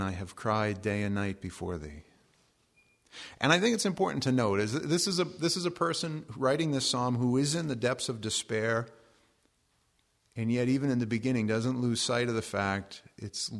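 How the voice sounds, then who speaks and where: A man preaching a relaxed sermon as pastor, cracking jokes between slow readings of scripture. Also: fairly low pitch, vocal fry. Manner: conversational and joking, reading scripture slowly.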